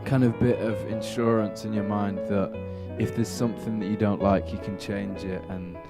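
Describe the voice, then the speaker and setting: A young man speaks in a slightly low voice, thinking aloud and circling back with fillers. He sounds relaxed in a press interview. Loud guitar music plays under him. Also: normal speed. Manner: thoughtful, rambling with fillers.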